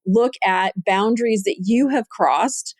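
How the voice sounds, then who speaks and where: A middle-aged woman hosting a podcast, telling a personal story in casual, animated chat and jumping into a higher voice when she quotes people. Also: measured pace, no room sound, clean studio sound. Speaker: podcast host.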